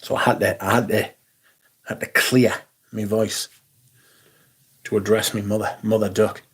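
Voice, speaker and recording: A man's voice: lowish voice, little pitch movement, measured pace, slightly rough. A man hosting a livestream, reading viewer comments aloud in a sardonic, sweary casual chat.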